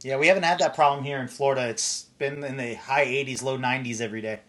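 A man's voice: mid-range voice, fairly even intonation, quick pace, fairly bright tone. An American man hosting a casual interview, easygoing, laughing often and reading out viewer questions. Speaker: host.

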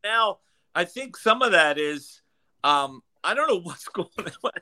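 A man chats as a radio guest, drifting through long, rambling stories and breaking into laughter along the way. His voice sits a little high and bright, and it swings up and down in pitch. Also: sing-song, measured pace. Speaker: guest impressionist. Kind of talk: casual radio chat.

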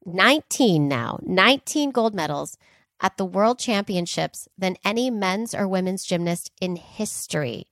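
A woman co-hosting a podcast, telling a story in emphatic, animated casual chat and laughing readily. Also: fairly low pitch, no room sound, clean studio sound. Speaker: podcast co-host.

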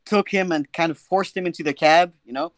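A young man telling a funny personal story in a casual, animated, self-mocking way, often checking in with his listener. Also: a little high, a little fast, no echo. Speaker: guest storyteller.

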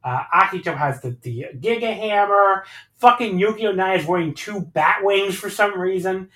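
Podcast host, male, slightly high voice, excitable and profane, recorded in an echoey room. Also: moderate pace, far from the mic. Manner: excitable, swears freely. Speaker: podcast host reviewing wrestling. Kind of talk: casual chat.

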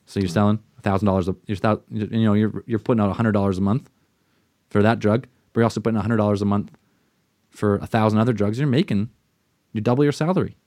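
A man's voice: fairly low pitch, quick pace, a little mellow, dry recording, studio quality. A man co-hosting a podcast in casual chat, ranting with lots of swearing and mocking put-on quotes. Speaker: podcast co-host.

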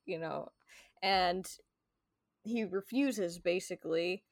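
A woman's voice: lowish voice, slow, dry recording. Chatty woman podcast host, dry sound. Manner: chatty, heavy on "like" fillers, paraphrases characters playfully. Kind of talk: casual chat.

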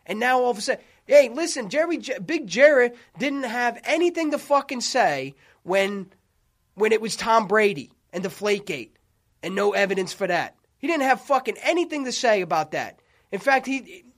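High-voiced man ranting on sports radio. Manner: profane, fired-up, rapid ranting. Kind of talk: heated sports talk radio rant.

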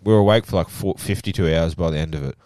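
Australian young man, very low voice, dry close sound, lively swearing storyteller. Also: rapid-fire, no echo. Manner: animated storytelling, heavy swearing. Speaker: podcast co-host. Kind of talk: casual chat.

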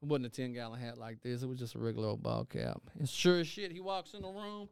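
A man's voice: medium pitch, fast talker, gravelly, clear, resonant tone, no echo, studio quality. A young man telling a story in a casual chat, acting out quotes and swearing freely.

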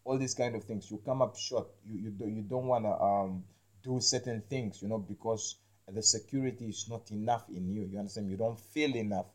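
A man's voice: lowish voice, fairly even intonation, darkish tone. A man hosting an episode, talking loosely about spiritual healing with lots of restarts and a habit of asking whether you understand him. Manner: halting, repeats words, keeps asking "you understand me?"; slangy, says "man" and "like" a lot. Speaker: podcast host. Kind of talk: rambling spiritual talk.

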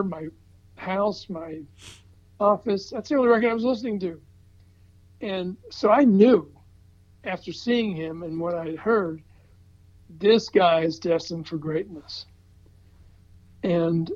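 An older man from the American South, telling an animated story in casual chat with chuckles and restarts. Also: high-pitched, measured pace, pauses often. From Southern United States. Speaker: record promotion veteran telling a story. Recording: slightly dull, muffled recording.

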